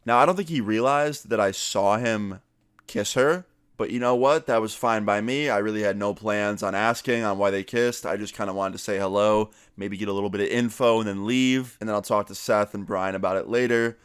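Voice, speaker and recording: A young man telling a story on his vlog in a casual, animated way, swearing freely and raising his voice to act out what others said. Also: fairly low pitch, a little fast, clean tone, no echo, clean studio sound. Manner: animated, swearing, acts out quotes in raised voice. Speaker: vlogger telling a story time.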